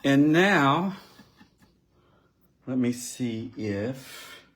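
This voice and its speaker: Slow, chatty man demonstrating crafts. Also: medium pitch, animated, a bit bright, a little hiss or hum. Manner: chatty, thinks aloud while working; addresses live viewers directly. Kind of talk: live card-making demonstration.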